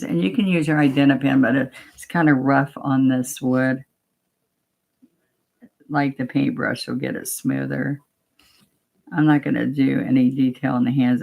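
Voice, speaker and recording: Woman painting teacher, slow unhurried talk, bit of fry in her voice, chatty and coaxing. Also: sits low. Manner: chatty, talks to herself while working, gently coaxing. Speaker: painting instructor. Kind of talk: casual step-by-step painting demo.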